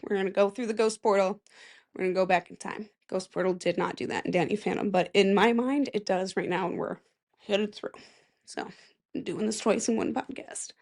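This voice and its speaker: A young woman hosting a casual solo podcast, chatty and rambling, with self-mocking asides and a voice that cracks now and then. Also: medium pitch. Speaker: podcast host.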